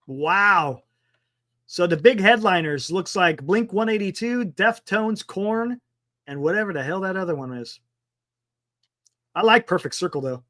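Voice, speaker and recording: A man hosting a sports talk livestream, rambling casually and thinking out loud, with some mild swearing. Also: high-pitched, lively intonation, measured pace, pauses often.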